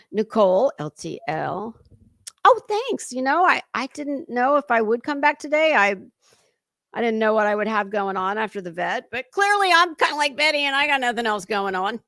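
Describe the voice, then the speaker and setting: A woman's voice: fairly high pitch, animated, normal speed, a bit bright, dry recording. A woman hosting a casual livestream commentary, talking in a sarcastic, mocking way and chatting to viewers. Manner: sarcastic and mocking, with lots of fillers.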